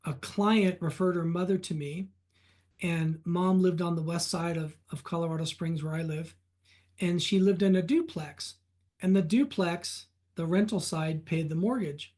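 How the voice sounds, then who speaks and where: A man being interviewed on a podcast as a reverse mortgage specialist, telling client stories in an animated way. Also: fairly high pitch, a little slow. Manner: animated anecdotes, retelling client conversations.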